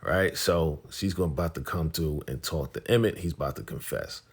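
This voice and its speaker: A man talks through a TV episode in a loose, slangy recap. His voice sits very low. He paraphrases the characters' lines as he goes, like he is telling a friend what happened. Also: fairly quick, creaky, husky. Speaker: TV recap host.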